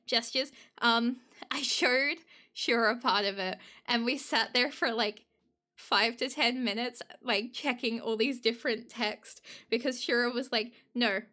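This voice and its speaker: A woman streamer chatting casually with her live chat, giggling often and getting excited. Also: fairly high pitch.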